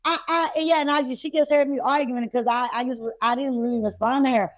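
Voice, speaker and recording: High animated woman telling a story. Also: fast. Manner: animated, acts out quoted people. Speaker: podcast co-host. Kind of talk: casual storytelling chat.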